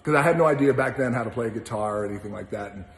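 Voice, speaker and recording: A man telling a casual, animated anecdote, now and then breaking into song and laughing as he goes. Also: medium pitch, rapid-fire, slight background noise. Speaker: storyteller answering questions. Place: large gym. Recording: roomy echoey hall.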